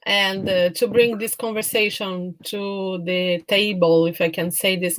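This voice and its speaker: A woman's voice: medium pitch, fairly even intonation, unhurried, a little hiss or hum. A woman hosting an online talk, introducing a clip and inviting questions in a casual way. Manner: friendly, casual announcing. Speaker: host.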